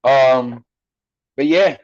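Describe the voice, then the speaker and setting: A man's voice: medium pitch, extremely slow, a little mellow, no room sound, lo-fi sound. A man with a Philadelphia accent hosting a casual, profane, joking chat show from home. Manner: jokey, profane, slips into mock accents. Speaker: podcast host. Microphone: computer mic.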